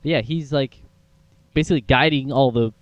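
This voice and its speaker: A man's voice: medium pitch, fairly quick, no echo, lo-fi sound. A young man casually chatting about a film, rambling with lots of fillers. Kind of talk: casual film review chat.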